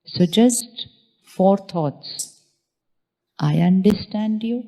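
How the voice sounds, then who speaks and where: A woman giving a spiritual talk to an audience, calmly guiding them through repeated affirmations. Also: mid-range voice, extremely slow. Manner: calm, repetitive, guiding affirmations. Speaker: spiritual teacher.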